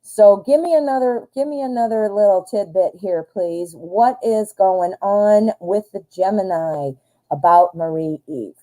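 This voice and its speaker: Mellow-voiced woman doing tarot readings on a live stream, upbeat and chatty, talks right at the viewers. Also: medium pitch, measured pace, poor audio. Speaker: tarot reader, live show host.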